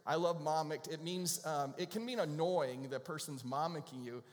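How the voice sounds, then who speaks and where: A middle-aged pastor delivers a casual, conversational sermon at normal speed, relaxed and playful as he jokes with the congregation. His voice is a bit high for a man, and a long reverb from the church sanctuary trails every phrase.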